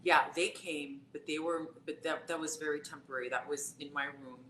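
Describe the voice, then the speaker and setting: A psychic tarot reader's deep voice carries a bright, forceful tone and fairly even intonation, her pace a little fast. In casual live-stream conversation she spins a personal story, chatty and full of fillers. Roomy echo and faint background noise colour the recording.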